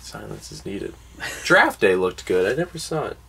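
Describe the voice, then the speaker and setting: A man's voice: on the low side, big pitch swings, moderate pace, gravelly, pushed and bright, slight background noise, poor audio. Teasing young man in joking banter. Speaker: co-host of a collection video. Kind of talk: casual chat.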